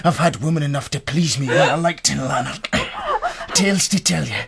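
An actor playing a coarse, bullying soldier home on leave, speaking with a Scottish accent in a crude, domineering way. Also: male voice, a little high, brisk, gravelly, very noisy. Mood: contemptuous.

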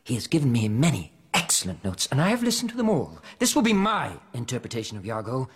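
A pompous theatre heir: raspy, very animated, haughty, period drama. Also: male voice, mid-range voice, fast talker, exaggerated voice. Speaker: actor.

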